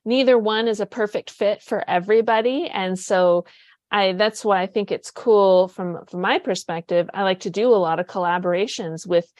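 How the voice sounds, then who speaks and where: Eager and rambling, a female podcast host runs a casual interview with frequent restarts. Her mid-range voice is fairly even, normal in speed and darkish, recorded close and dry with no surrounding room.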